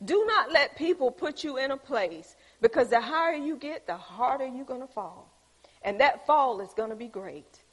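Older woman, sermon, lively storytelling, high voice, long echo of a church hall. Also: moderate pace, breathy edge. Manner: lively storytelling, acting out quoted voices, chuckling often. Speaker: preacher. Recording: echoey hall.

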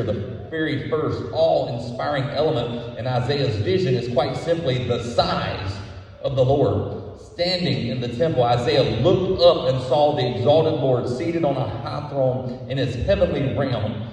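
A man preaching a sermon as pastor, with a measured, emphatic delivery that leans on repeated words. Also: medium pitch, darkish tone. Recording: echoey hall from a distance.

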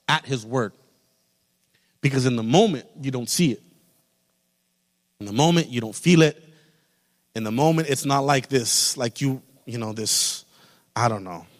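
Impassioned preacher in an echoing hall. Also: male voice, mid-range voice. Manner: impassioned, rising to loud peaks then dropping soft. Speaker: pastor. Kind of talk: sermon. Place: church sanctuary. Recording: long reverb of a large hall.

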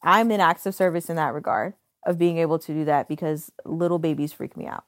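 A young adult woman co-hosting a casual podcast chat, telling lively stories and acting out the dialogue. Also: sits low, a little fast, no echo, studio quality. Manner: animated storyteller, acts out dialogue. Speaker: podcast co-host.

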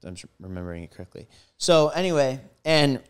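A man on a casual podcast, an animated storyteller who swears freely and acts out both sides of an argument. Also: mid-range voice, a little fast, smooth. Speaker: podcast co-host. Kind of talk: casual chat.

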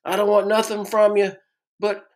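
A man putting on the voice of a brash young man shouting slangy greetings across a ballpark. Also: high-pitched, completely flat delivery, normal speed, voice pushed up, natural voice. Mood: excited. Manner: loud, street-slang greeting.

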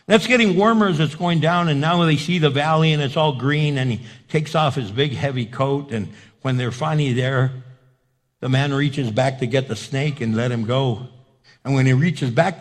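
A man's voice: medium pitch, normal speed. A male pastor preaching a sermon with emphatic repetition and rhetorical questions.

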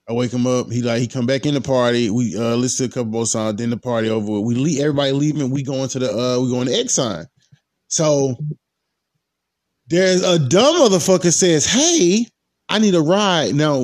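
A young man in his twenties telling a story in a casual, animated way, full of profanity and slang. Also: medium pitch, no echo, clean studio sound.

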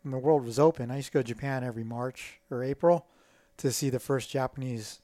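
A middle-aged man, a guest, telling stories in a casual, animated way and acting out the voices of people in them. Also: medium pitch, fairly quick, dry recording. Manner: animated, acts out quoted dialogue. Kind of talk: casual storytelling.

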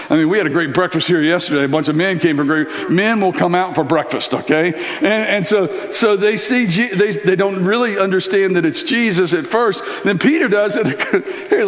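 A pastor delivers a casual, story-driven sermon, acting out the Bible characters along the way. His voice is a little high and echoes through a church hall with a long reverb tail.

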